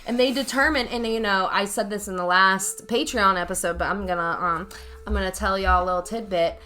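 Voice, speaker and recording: A woman's voice: medium pitch, steady tone, a little fast, pushed and bright. A woman, a special needs teacher co-hosting a casual podcast, talking bluntly and cursing freely. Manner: blunt, profane, ranting. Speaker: podcast co-host. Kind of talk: casual chat.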